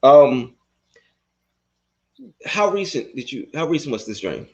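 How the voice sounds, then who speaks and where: A male podcast host with a lively voice that moves up and down, relaxed and quick to laugh as he interviews. The recording sounds slightly dull and lo-fi. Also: medium pitch. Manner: relaxed, laughs a lot, rambles and restarts. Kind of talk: casual interview.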